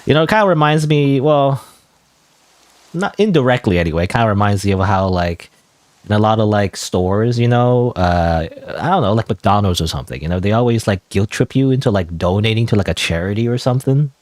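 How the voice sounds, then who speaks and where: Young male let's-player, rambling and chatty, lively pitch. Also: a little fast, no room sound. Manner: rambling, chatty, many fillers. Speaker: gamer. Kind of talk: let's play commentary.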